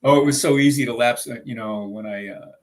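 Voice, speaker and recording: A man's voice: medium pitch, fast, slight background noise. A man who grew up in the American South, co-hosting a casual live chat aboard a small sailboat, rambling with lots of fillers and chuckles. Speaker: sailing vlog co-host.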